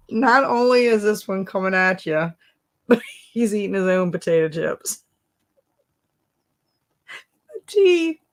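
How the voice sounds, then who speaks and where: A woman's voice: medium pitch, a bit bright. A woman hosting a casual livestream, laughing often, exclaiming and reading out viewer comments. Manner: giggly, exclaims often, reads chat comments. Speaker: livestream host.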